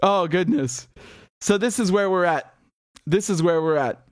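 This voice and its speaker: Man, high voice, dry close sound, blunt mocking commentary. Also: measured pace, dry recording. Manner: blunt, mocking, laughs often, swears. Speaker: political commentator. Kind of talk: casual opinion monologue.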